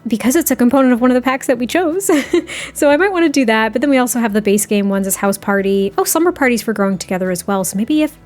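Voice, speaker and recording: A young woman chatting through casual game commentary, laughing often and breaking into excited outbursts. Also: on the high side. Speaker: gameplay commentator.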